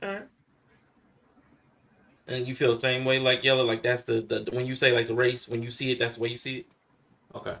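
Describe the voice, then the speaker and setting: A man's voice: medium pitch, flat delivery, brisk, creaky, long pauses, a bit bright. A man co-hosting a podcast who steers the casual chat with questions. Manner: interviewer-like, asks follow-up questions. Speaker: podcast co-host.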